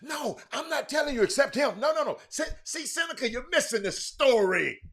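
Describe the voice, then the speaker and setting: Loud, lively Houston sports host. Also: male voice, very high voice, brisk. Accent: Southern US, Houston. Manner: loud, excitable, repeats himself, calls out viewers by name. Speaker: sports talk show host. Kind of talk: animated live-stream sports talk, reading viewer comments.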